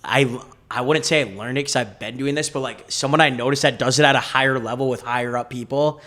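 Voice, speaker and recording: A man's voice: medium pitch, fairly even intonation, fast talker, a bit bright. A young man guest on a podcast, chatting casually in a laid-back way, swearing often and laughing a lot. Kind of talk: casual chat.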